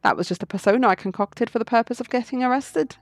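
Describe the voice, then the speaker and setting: A woman's voice: on the high side, quick pace, no room sound, voice pushed up, lightly acted. A woman voicing a suave male fox fugitive who speaks in a poised, riddling storyteller manner. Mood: cryptic.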